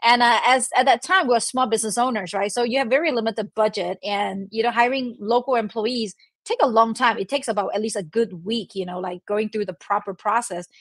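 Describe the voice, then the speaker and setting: A woman's voice: a little high, brisk, fairly bright tone, no room sound. Woman guest, chatty, fillers, dry close mic. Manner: chatty, many "you know" and "right?", laughs often. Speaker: guest, delegation expert. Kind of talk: conversational interview.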